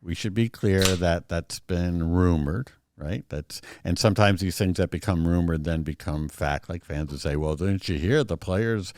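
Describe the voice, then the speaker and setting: Opinionated deep-voiced male co-host. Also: moderate pace, hardly any pauses, a little mellow, dry recording, clean studio sound. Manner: opinionated, talks in bursts with restarts. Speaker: podcast co-host. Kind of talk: casual sports chat.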